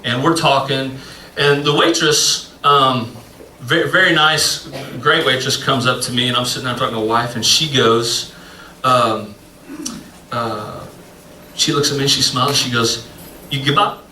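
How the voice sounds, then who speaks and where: Bright-voiced man preaching in an echoey hall. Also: medium pitch, measured pace, recorded from a distance, slight background noise. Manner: rambling, self-mocking storytelling with frequent fillers. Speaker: pastor. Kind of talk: sermon. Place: church sanctuary. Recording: echoey room, voice from off-mic.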